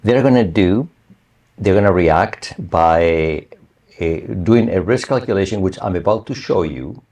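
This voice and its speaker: A man's voice: low voice, animated, unhurried, darkish tone. A male university lecturer explaining material in a conversational way, often checking with the class whether they follow. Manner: conversational, asks the class for confirmation. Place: online or recorded lecture.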